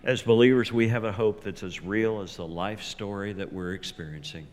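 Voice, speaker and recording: A male pastor preaching a sermon, slow and deliberate, swinging from loud emphasis to near whispers. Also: lowish voice, fairly even intonation. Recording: long reverb of a large hall.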